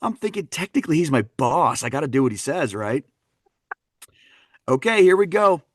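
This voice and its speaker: A man from Wisconsin, a dialect coach, telling stories on a podcast in an animated, laughing way. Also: a little high, normal speed, no echo, clean studio sound. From Wisconsin, USA. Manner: animated, laughing, fond of voicing characters. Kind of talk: anecdotal storytelling in a podcast interview.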